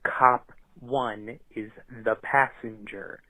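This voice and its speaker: A man on a voicemail reading a screenplay aloud in a flat monotone. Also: lowish voice, drawn-out words, no room sound, exaggerated voice, low-quality recording. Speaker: caller reading his script aloud.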